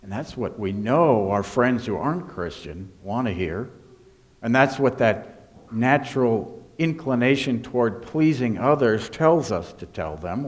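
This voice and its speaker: A man preaching a sermon as pastor, emphatic, swinging between hushed and raised delivery. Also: mid-range voice.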